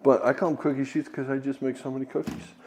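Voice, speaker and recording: A man's voice: mid-range voice, level tone, fast, darkish tone. A man hosting a casual cooking tutorial in a home kitchen, chatty and joking as he goes. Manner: jokey, chatty, self-deprecating asides. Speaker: cooking video host.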